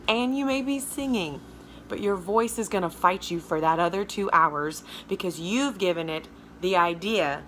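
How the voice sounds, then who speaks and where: Speaking straight to her viewers in a casual video lesson, a Southern American woman vocal coach uses a low alto voice with a fairly bright tone. Her delivery is chatty and emphatic, and there's slight background noise.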